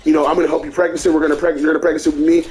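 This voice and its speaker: A man voicing a loud, flattering older Italian-American talent agent who repeats himself as he makes his pitch. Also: racing, a little hiss or hum, natural voice. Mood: persuasive.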